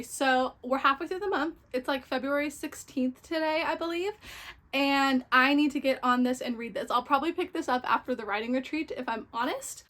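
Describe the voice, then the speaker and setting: A woman's voice: sits high, a bit bright. A young woman chatting casually about a book haul, gushing and full of fillers. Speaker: book vlogger.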